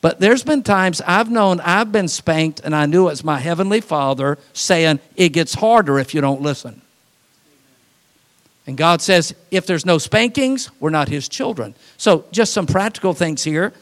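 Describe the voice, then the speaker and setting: A man preaching a sermon as pastor, folksy, with quick asides and acted-out voices. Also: a little high, lively intonation, fairly bright tone.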